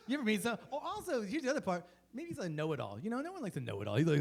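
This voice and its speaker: A man's voice: high-pitched, huge pitch swings, quick pace, gravelly. A male stand-up comedian on a comedy club stage, rambling, swearing and breaking off mid-thought. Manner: rambling, profane, self-interrupting.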